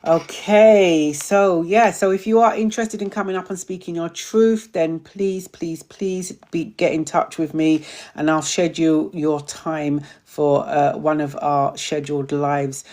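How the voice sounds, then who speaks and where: A woman's voice: deep voice, steady tone, a little slow, a little mellow. A woman hosting a live online community chat, answering viewers' questions in a chatty way and tripping over long words. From Britain.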